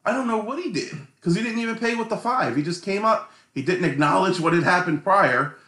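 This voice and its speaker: A man co-hosting a casual podcast, telling an animated, exasperated story about a customer. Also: sits high, fairly quick, roomy sound. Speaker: podcast co-host. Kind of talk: casual chat.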